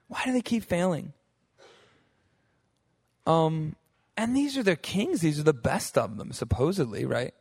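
Animated young man teaching the Bible. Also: on the high side, moderate pace. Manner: animated, acts out quotes with voices; fillers like "like" and "right?". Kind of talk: casual bible teaching to a group.

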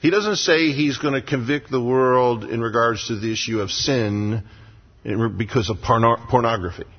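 Husky-voiced man preaching in a reverberant church. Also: medium pitch, normal speed. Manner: emphatic preaching with rhetorical repetition. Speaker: pastor. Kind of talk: sermon. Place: church sanctuary. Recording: lo-fi sound with long hall reverb.

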